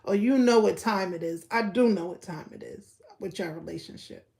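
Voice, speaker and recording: A young woman giving blunt, profane gossip commentary on a live stream, repeating her points and breaking into loud laughter. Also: medium pitch, moderate pace, vocal fry. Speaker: livestreamer.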